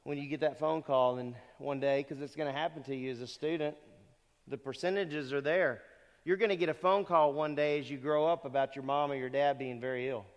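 A man's voice: medium pitch, fairly even intonation, a little fast, dull audio. A middle-aged man preaching a sermon to graduating students, earnest and conversational, often asking rhetorical questions. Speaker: pastor. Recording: long reverb of a hall.

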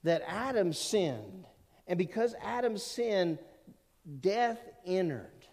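A man preaching a sermon as pastor, earnest, with emphatic rising peaks and quieter asides. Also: high voice, sing-song, slow. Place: church sanctuary. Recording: long reverb of a church hall.

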